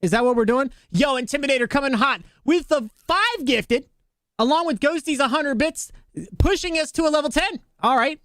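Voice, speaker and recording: A man streaming a game live, talking to his chat in an excitable, flustered, joking way. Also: very high voice, normal speed, no echo, clean studio sound.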